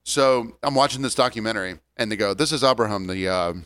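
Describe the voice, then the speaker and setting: A man's voice: on the low side, fast, fairly bright tone, clean tone, no echo. A man in his forties chatting casually on a podcast, ranting wryly and joking. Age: 40s. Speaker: podcast co-host. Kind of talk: casual chat.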